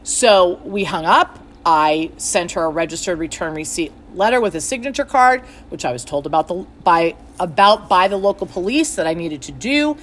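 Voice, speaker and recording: A woman's voice: on the low side, moderate pace, few pauses. A middle-aged woman who owns a fitness studio franchise, telling a long story and acting out the phone calls she quotes. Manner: animated, acts out quoted exchanges. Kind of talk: storytelling monologue.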